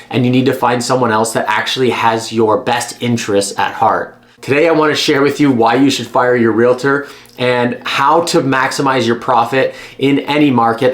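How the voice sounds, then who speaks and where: Blunt, emphatic man giving advice. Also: medium pitch. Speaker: real estate agent. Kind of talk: direct-to-camera advice vlog.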